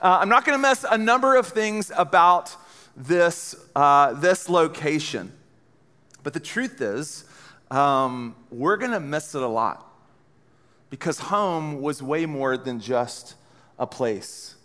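A man's voice: fairly high pitch, expressive, takes it slowly, sharp tone, in a large hall. A man in his thirties giving a live talk to a college audience, telling stories with playful, self-mocking jokes and speaking straight to the room. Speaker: speaker at a college ministry gathering.

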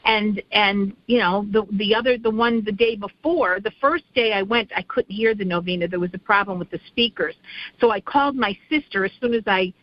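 A woman's voice: medium pitch, brisk, no room sound, dull audio. Rambling woman telling a story. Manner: rambling storyteller with many restarts. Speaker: radio show co-host. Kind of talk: casual chat.

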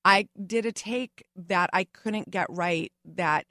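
Middle-aged actress, interview guest: lively anecdotes with acted-out quotes, a touch of fry, dry close sound. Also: female voice, on the low side, slow pace, dry recording. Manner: animated storyteller, acts out the people she quotes. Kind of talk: casual interview storytelling.

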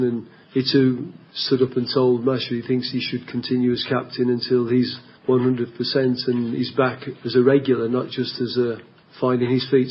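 Husky football coach on a lo-fi clip. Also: male voice, mid-range voice. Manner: thinking aloud, repeating words. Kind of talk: press comments. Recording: lo-fi press clip.

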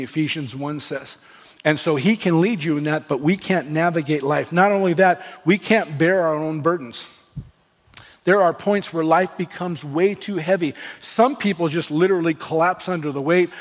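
A man's voice: on the high side, moderate pace. A man preaching a sermon as pastor, earnest, with restarts and rising emphasis. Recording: long reverb of a church hall.

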